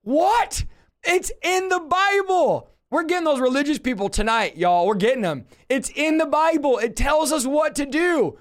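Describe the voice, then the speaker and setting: A man preaching a fervent Bible teaching, impassioned, with rhetorical questions and bursts of shouting. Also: very high-pitched, expressive, normal speed, few pauses.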